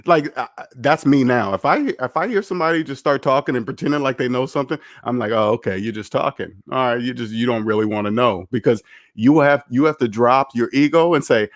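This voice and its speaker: Man, finance stream host, casual chat, rambling, candid, average pitch, dry close sound. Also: no room sound.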